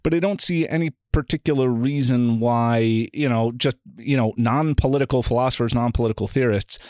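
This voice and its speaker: A man of middle pitch tells anecdotes in a conversational podcast interview and acts out the other voices in them. The sound is dry and close to the mic. His delivery is relaxed and loosely animated. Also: a little fast, no room sound. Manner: animated storyteller, acts out quoted dialogue. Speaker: philosopher guest.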